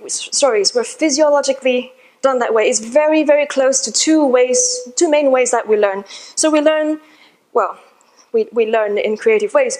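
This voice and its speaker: A woman with a high, light voice speaks to a seated audience. She tells her story in a chatty, informal way, as if talking with friends, while still giving a talk from the front of the room. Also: poor audio. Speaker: conference speaker.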